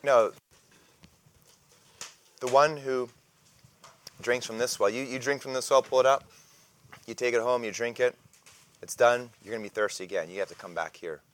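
A man voicing a gentle, patient male teacher in a Bible lesson, speaking softly, slowly and earnestly. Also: medium pitch, close to an everyday voice. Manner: soft, slow and earnest.

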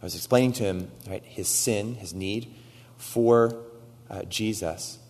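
Lower-voiced male preacher in a reverberant hall. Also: measured pace, a little mellow. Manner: storytelling, quoting dialogue, rising to emphatic exhortation. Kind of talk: sermon.

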